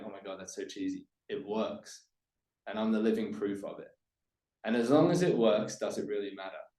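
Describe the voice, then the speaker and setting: A male business coach talking straight to camera at a middle pitch, with the sound bouncing around an echoey room. He leans hard on his points, lifting his voice, then dropping it low and quiet for the key lines. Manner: emphatic, demonstrates upward and downward inflection, drops voice on key points.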